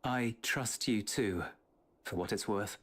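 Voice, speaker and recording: An actor voicing an earnest young man in a video game cutscene, speaking in a measured, encouraging way. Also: on the low side, a bit bright. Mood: reassuring.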